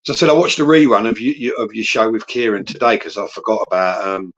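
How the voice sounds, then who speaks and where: A man's voice: lowish voice, quick pace. Man on a dull, lo-fi call. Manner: relaxed, smoking while talking. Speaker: guest. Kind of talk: casual live-stream chat. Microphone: video call. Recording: dull lo-fi video call audio.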